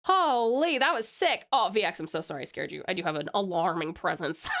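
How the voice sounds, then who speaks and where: A woman's voice: mid-range voice, animated, brisk, a bit bright. An Australian woman from Tasmania chatting casually on a live stream, bubbly and greeting her chat with pet names.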